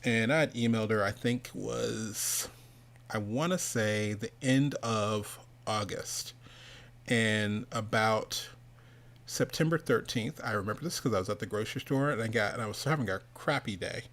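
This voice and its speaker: A man's voice: fairly low pitch, normal speed, fairly bright tone. Rambling, chuckling man telling a story. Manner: rambling, self-interrupting, laughs often, quotes people in changing voices. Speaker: host of an online animation summit. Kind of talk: casual storytelling monologue.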